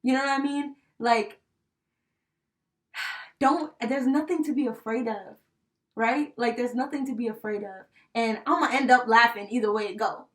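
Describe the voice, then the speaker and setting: A young woman with a somewhat high voice shares a personal story in relaxed podcast chat. She is heartfelt and animated and leans on fillers like "you know" and "right?". Her voice sits a bit back from the microphone. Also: moderate pace. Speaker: podcast co-host. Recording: voice a bit distant from the mic.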